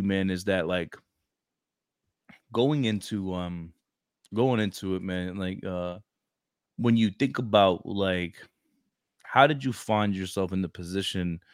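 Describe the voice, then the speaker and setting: A young man from Brooklyn with a lowish voice, talking in a slangy, animated way. He hosts a casual podcast chat and keeps dropping "bro". The sound is close and dry, with no room around it. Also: no echo. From Brooklyn, New York. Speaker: podcast host, recruiter.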